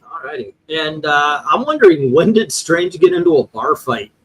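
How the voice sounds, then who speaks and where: A man's voice: on the high side, sing-song, moderate pace, fairly bright tone, low-quality recording. A man hosting a casual chat, rambling through his points with lots of fillers and restarts. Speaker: host.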